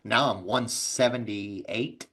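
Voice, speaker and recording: A man's voice: lowish voice, steady tone, takes it slowly, fairly bright tone. A man with a Texas accent, a guest on a casual podcast, telling laid-back stories and swearing freely. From Texas, USA. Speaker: insurance agency owner, guest.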